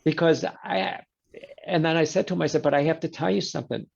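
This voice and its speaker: A man's voice: fairly high pitch, brisk, creaky, husky, lo-fi sound. A man, a guest in a conversation, telling a story and acting out the quoted exchanges. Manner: animated storyteller who voices quoted exchanges.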